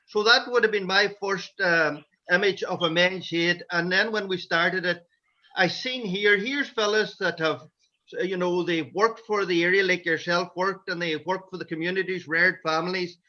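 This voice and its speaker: Donegal Irish man, high and bright, anecdotal storyteller, lo-fi call audio. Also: steady tone, moderate pace. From Ireland. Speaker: men's shed member. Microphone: video call. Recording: dull lo-fi video call audio.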